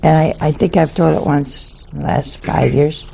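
An older woman, a nun, telling a humorous story in a slow, folksy manner. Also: low-pitched, fairly even intonation, creaky, warm tone, slight background noise. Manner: slow, folksy anecdotal delivery.

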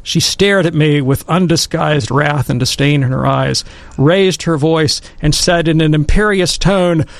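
Middle-aged man, gravelly and fairly high, animated storyteller in a dry room, for a faith talk show. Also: measured pace, few pauses, dry recording. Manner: animated storyteller who acts out quotes. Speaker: Catholic commentator on scripture. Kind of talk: casual storytelling and commentary.

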